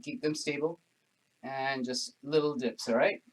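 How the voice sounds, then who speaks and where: A man's voice: mid-range voice, steady tone, unhurried. A man leading a workout class, panting from the exercise and chatting and joking through the effort. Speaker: fitness instructor. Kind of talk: home workout class instruction.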